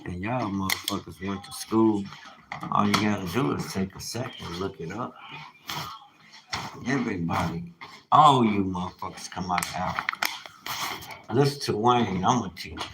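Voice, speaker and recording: Gravelly low-voiced man ranting. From United States. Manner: blunt, profane, preachy, emphatic. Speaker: self-described teacher. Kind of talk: casual ranting monologue. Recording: noisy recording.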